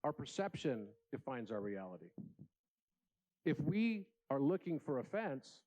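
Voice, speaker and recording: A man's voice: mid-range voice, big pitch swings, unhurried, darkish tone, poor audio. A man giving an earnest, inspirational keynote speech at a conference, telling stories in a large room. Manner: earnest, storytelling with acted voices. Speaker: conference speaker.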